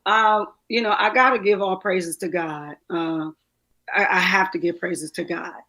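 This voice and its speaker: Heartfelt woman guest, halting and choked up. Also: fairly low pitch, fairly even intonation, sharp tone. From DMV area, US. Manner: heartfelt, halting with many fillers and restarts. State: choked up, near tears. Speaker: actress. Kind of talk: emotional testimonial.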